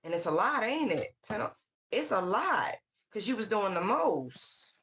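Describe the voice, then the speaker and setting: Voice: medium pitch, big pitch swings, measured pace, a bit bright. A tarot reader giving a casual channeled reading, full of slang and swearing, who scolds with sassy call-outs and repeated phrases. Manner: slang-heavy, swears freely.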